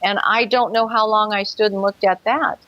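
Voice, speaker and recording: A woman's voice: medium pitch, steady tone, normal speed, dry recording, highs cut off. A woman telling her own experience as a guest in an interview, earnest, acting out her past thoughts. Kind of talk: personal account in an interview.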